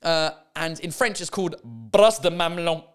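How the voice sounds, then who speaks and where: A man's voice: a little high, lively intonation, moderate pace, smooth. Chatty, sweary man hosting a comedy podcast. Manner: chatty and sweary, laughing at mistranslations. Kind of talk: casual comic monologue.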